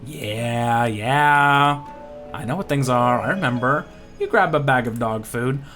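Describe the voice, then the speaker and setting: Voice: mid-range voice, takes it slowly, over music. A let's play host giving casual gameplay commentary, chatty and giggly, swearing freely.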